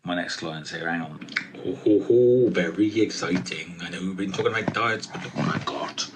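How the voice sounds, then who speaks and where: A man's voice: low-pitched, fairly quick, background noise. A British man telling a personal story on his vlog, blunt and rambling, with frequent swearing. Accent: British English. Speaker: diet vlogger and coach. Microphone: handheld vlogging camera.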